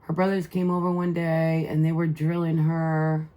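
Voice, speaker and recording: A woman's voice: low voice, flat delivery, normal speed, warm tone. A middle-aged woman telling a family story in a casual vlog, rambling and heartfelt, with many fillers and restarts. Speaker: mother and vlogger.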